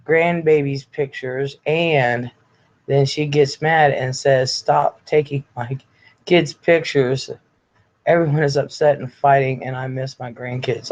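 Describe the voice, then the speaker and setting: An older man hosting a casual livestream from home, reading viewer comments aloud in a chatty, blunt way, swearing freely and sounding a bit congested from illness. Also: medium pitch. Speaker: livestream host. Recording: slightly dull lo-fi audio.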